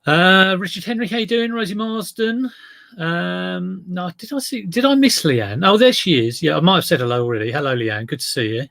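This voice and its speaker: A man's voice: high-pitched, expressive, moderate pace, gravelly, fairly bright tone. A middle-aged man chatting casually on a live stream as an eBay reseller, rambling and greeting viewers by name.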